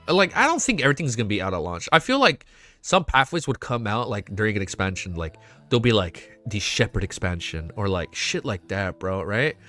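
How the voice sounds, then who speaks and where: A young man hosting a casual livestream, excitable and swearing often, reading chat aloud. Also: fairly low pitch, brisk. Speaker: livestream host. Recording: faint music behind.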